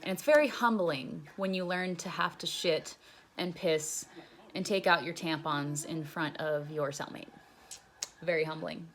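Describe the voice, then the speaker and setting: A woman's voice: deep voice, a little slow, fairly bright tone, slight background noise. Cursing young woman telling a story. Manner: profane, rambling, heavy use of "like". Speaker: storyteller recounting her jail time. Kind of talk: casual storytime.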